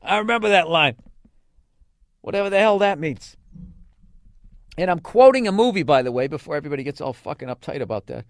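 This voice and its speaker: A man's voice: on the high side, expressive, a little fast, long pauses, no room sound. A man hosting a podcast, reading listener emails aloud with profane, sarcastic asides. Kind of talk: casual podcast chat.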